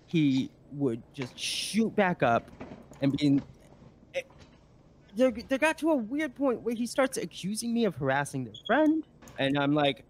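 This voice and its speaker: A man's voice: on the high side, slight background noise. A man, a guest on a live stream, telling a story in a rambling casual way with many fillers and restarts.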